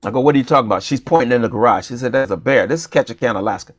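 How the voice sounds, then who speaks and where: A man's voice: medium pitch, rapid-fire, dry recording. A man chatting casually as a co-host, spinning a comic story with playful energy and putting on voices for the people in it. His voice sits mid-range and sounds close and dry, with no room around it. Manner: animated, playful, acts out dialogue. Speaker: comedian and show co-host.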